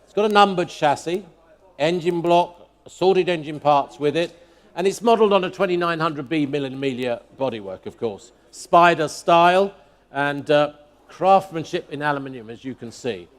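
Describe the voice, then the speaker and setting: A man running a live car auction from the rostrum, his voice sitting a little high for a man. He calls bids in a quick, sing-song chant, repeating each figure over and over between asides to the room. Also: expressive. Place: auction hall at a motor museum.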